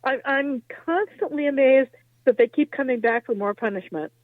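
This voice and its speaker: A podcast co-host chatting casually, with giggly reactions and thoughtful remarks over a tinny, phone-like line. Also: male voice, very high-pitched, normal speed, no echo. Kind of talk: casual chat.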